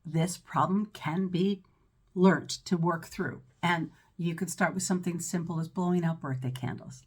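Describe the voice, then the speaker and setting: A woman's voice: lowish voice, moderate pace, husky. Encouraging woman voice teacher, mezzo-soprano. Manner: encouraging, often checking in with "right?" and "okay?". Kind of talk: instructional breathing lesson.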